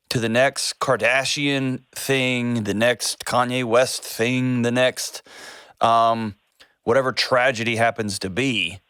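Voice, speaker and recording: A man hosts a call-in advice show, his voice sitting at an ordinary middle pitch. He tells stories in a folksy, animated way, recorded dry and close with no room sound. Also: no room sound. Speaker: host. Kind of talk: casual call-in advice talk.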